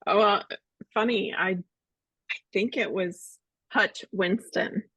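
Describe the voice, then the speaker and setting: A woman book club host chatting casually in a relaxed, halting way. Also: mid-range voice, husky, dry recording. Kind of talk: casual chat. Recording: dull lo-fi dry sound.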